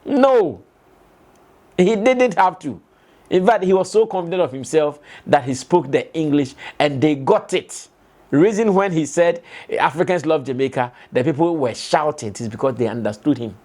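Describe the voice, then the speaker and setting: A man's voice: a little high, animated, moderate pace, darkish tone. A man hosting an entertainment show, giving opinionated commentary full of rhetorical questions and repeated points.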